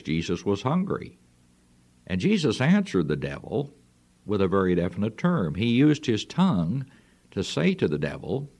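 A man with a low, gravelly voice preaches a radio sermon. His delivery is earnest and folksy, and his pitch rises and falls widely. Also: a little mellow.

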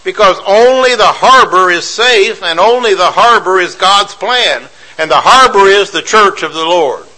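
A male preacher delivering a sermon in a bright, forceful voice pitched a little high. He drives his points home by repeating phrases and firing off rhetorical questions. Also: expressive, unhurried, hardly any pauses, poor audio.

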